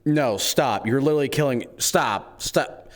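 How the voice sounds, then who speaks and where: A man's voice: medium pitch, a little slow, natural voice. A man voicing a fussy male gang member who impatiently scolds others for handling weapons wrong, in a casual role-play. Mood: exasperated. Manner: impatient, bossy correcting.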